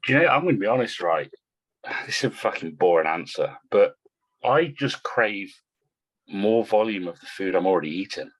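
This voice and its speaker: Brief: low-pitched man, blunt and sweary, podcast guest. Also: animated, normal speed, rough recording. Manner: blunt, swears freely, repeats words. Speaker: guest bodybuilder. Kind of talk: casual podcast chat.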